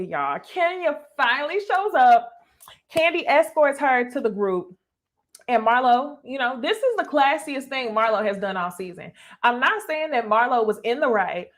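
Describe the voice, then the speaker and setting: A woman's voice: a little high, fairly bright tone. A woman giving a chatty, gossipy recap of a reality TV episode, talking straight to her viewers. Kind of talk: casual recap commentary.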